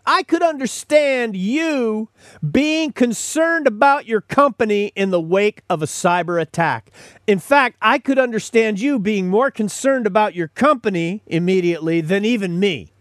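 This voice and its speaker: A man's voice: high-pitched, lively intonation, a little slow, no echo, studio quality. A man hosting a podcast, delivering a sarcastic, opinionated commentary monologue. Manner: sarcastic, mocking, mimics callers and corporate statements. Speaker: podcast host.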